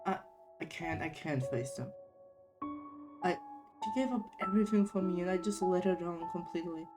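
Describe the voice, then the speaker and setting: A woman voicing a troubled young man in a game, speaking in a subdued, halting way. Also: fairly low pitch, music in the background, lightly acted. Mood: ashamed.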